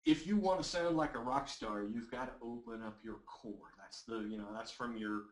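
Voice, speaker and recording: Male webinar presenter and voice coach, average pitch, energetic and coaxing; echoey room audio. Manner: energetic and encouraging, reads audience comments aloud. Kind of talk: live webinar teaching.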